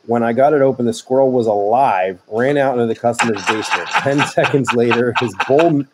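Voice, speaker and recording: A man hosting a podcast, reading listener stories and answering in dry, deadpan chat over a video call. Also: medium pitch, brisk, noisy background. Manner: dry, deadpan, flat refusals. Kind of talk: casual chat.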